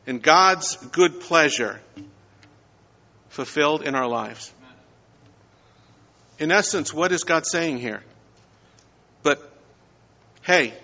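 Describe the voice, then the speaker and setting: Guy preaching sunday sermon, bright punchy voice, drags out key words, long echo, kinda muffled. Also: a little high. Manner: measured preaching with emphatic rises and drawn-out key words. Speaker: pastor. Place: church sanctuary. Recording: dull sound with long church reverb.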